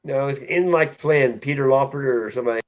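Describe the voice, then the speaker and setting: A man's voice: medium pitch, fast talker. Crude joking man, muffled lo-fi sound. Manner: loose, crude joking, laughs often. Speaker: channel host. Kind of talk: casual chat on a live stream. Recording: muffled lo-fi audio.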